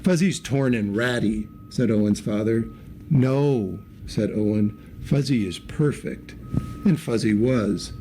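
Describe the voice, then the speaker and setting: A man reading a children's picture book aloud in a lively way, giving the characters little voices. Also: medium pitch, a little hiss or hum. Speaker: story reader.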